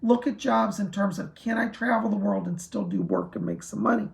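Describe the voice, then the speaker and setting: Hoarse, gravelly psychic man giving readings. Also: high voice, huge pitch swings, brisk. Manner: reassuring, relays spirit messages to viewers. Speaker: psychic medium. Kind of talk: live-stream psychic readings.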